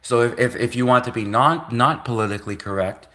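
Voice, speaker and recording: Bright-voiced man rambling on a livestream. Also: medium pitch, fairly quick. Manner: sarcastic, rhetorical questions, many restarts. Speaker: livestream host.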